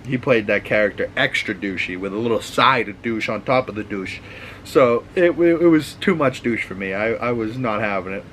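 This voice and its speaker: A man's voice: lowish voice, normal speed, fairly bright tone, slight background noise, poor audio. A man with a Boston accent hosting a casual, rambling, profane recap of TV shows, full of restarts. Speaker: host.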